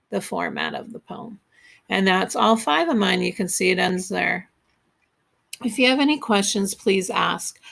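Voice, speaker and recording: A woman teacher records a computer screen tutorial for her students. Her voice sits at a middle pitch with a strong gravelly fry. She explains each step patiently and plainly. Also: a bit bright.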